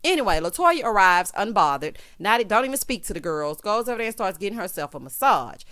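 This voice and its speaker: A woman from Texas with a Southern twang, recapping reality TV in a sassy, animated way, calling everyone honey. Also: mid-range voice, fairly quick. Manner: sassy, animated, peppered with 'honey'. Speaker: recap vlogger.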